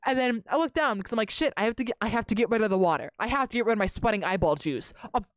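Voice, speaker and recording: A woman's voice: a little high, animated, racing, no echo. A young woman streamer casually telling a rambling, self-interrupting story to her live chat, dramatizing her own reactions.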